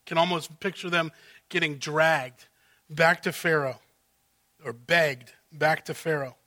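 A man's voice: fairly high pitch, sharp tone. A male pastor preaching an expository sermon, walking through the text and acting out what the characters are really saying.

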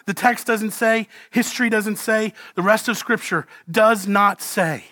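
Male pastor, impassioned sermon delivery, bright tone, dry close sound. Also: high-pitched, measured pace, few pauses, no echo. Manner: impassioned preaching, swings from quiet to pleading cries. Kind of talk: closing prayer.

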